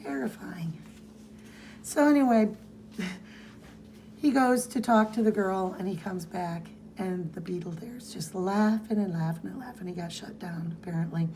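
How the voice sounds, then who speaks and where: Woman, podcast co-host, mellow dark tone, casual comic recap, faint background hiss. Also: mid-range voice, moderate pace. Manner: reads comic dialogue aloud in playful voices.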